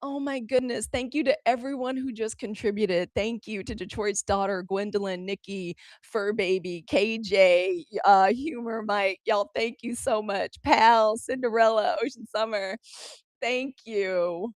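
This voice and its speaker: A woman's voice: medium pitch, fairly even intonation, a little slow, no echo, clean studio sound. An American woman hosting a live stream, chatting casually with viewers and talking through the app controls as she goes. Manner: chatty, fumbling aloud with app controls, addressing viewers as y'all. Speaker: livestream news host.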